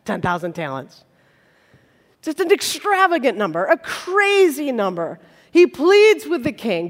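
A woman preacher with a high, lively voice that swoops through a wide range as she retells a parable with playful, animated storytelling. Her voice rings through a large hall with a long reverb tail. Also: unhurried. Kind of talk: sermon.

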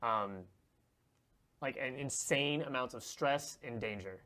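Halting man thinking out loud at a game table. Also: mid-range voice. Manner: halting, full of fillers and restarts. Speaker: player. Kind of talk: casual tabletop play.

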